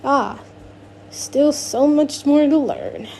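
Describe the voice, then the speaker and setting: A woman's voice: sits high, gravelly, darkish tone, slight background noise, pitched above the performer's own voice, full character voice. A woman reading a middle-aged father caught out in an audiobook, drawing out his words and sounding guilty. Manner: drawn-out, guilty hedging.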